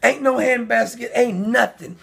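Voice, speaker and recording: A man hosting his own commentary video, talking in a heated, indignant rant that often rises to shouting. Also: extremely high pitch, normal speed, vocal fry, slightly rough. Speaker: commentary channel host. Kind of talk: angry ranting commentary.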